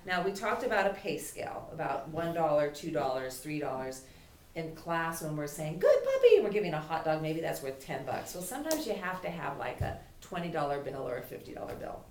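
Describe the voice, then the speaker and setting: A woman's voice: low voice, lively intonation, fairly quick. A woman dog trainer teaching a puppy class in a chatty way, voicing the dog's thoughts. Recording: echoey room from far off, faint noise.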